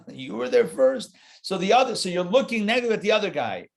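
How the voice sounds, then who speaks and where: A man, a rabbi, teaching a live Torah class in an animated, conversational way, talking straight to his listeners. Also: high-pitched, brisk, creaky.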